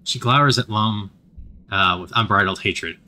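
A man narrating a story game aloud, with animated, expressive narration. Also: lowish voice, normal speed.

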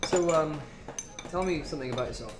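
A man's voice: a little high, brisk, background noise, lightly acted. A man playing a polite, puzzled young man on a date, who speaks hesitantly. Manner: hesitant, with ums.

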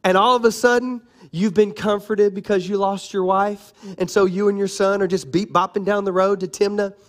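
A man pastor preaching a sermon in church, animated and playful, calling out to his congregation. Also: high-pitched, normal speed.

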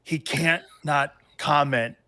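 A man with a fairly high, bright voice tells stories in an animated podcast chat. He talks in excitable bursts and rushes into each anecdote. The tone stays bright and forward.

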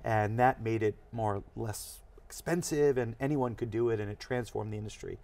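A man, a technology executive, explaining ideas with energy in a studio interview. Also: on the low side. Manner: energetic, explanatory, fast bursts. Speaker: chief technology officer, guest.

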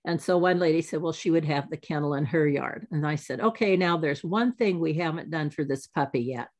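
Woman, 70s, deep low pitch, anecdotal talk, acts out quoted dialogue. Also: fairly quick, darkish tone. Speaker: alumni speaker. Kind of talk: storytelling talk.

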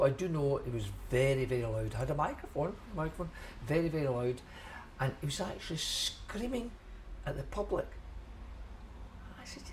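An older Scottish man in his seventies looks back on decades of running his shop. He rambles in a friendly way, repeats phrases as he gathers his thoughts, and his voice sits at an ordinary middle pitch. Faint ambient noise hums behind him. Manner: chatty, rambling, repeats himself, chuckles at memories. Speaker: shellfish shop owner. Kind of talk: reminiscing in a documentary interview.

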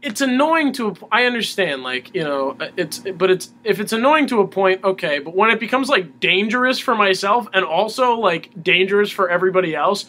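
A man with a bright, forceful voice pitched a little high chats casually as a musician guest. He talks in halting bursts and often restarts his sentences. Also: expressive. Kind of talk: casual interview chat.

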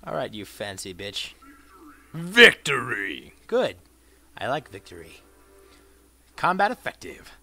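A man giving profane gameplay commentary, muttering dry asides and bursting into shouted insults at enemies. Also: lowish voice, huge pitch swings, measured pace, creaky, pauses often, faint music behind. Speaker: let's play gamer.

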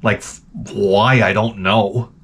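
Animated New guy telling stories. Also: fairly low pitch, takes it slowly, slightly rough. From New York. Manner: animated, profane, sarcastic asides. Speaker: gaming channel host. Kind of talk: casual rambling storytelling.

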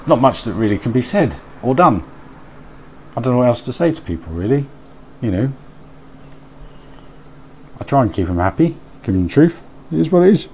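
A man's voice: medium pitch, sing-song, moderate pace, pauses often, slight background noise. A man live streaming a building game, chatting casually, reading and answering his chat aloud and muttering to himself as he works.

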